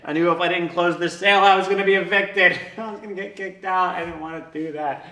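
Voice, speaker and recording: A man with a flu telling a personal story in a casual way. He swears a lot, laughs between lines and swings from loud to hushed. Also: high voice, steady tone, fast. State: sick with a flu. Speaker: online business coach telling his story. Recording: echoey room.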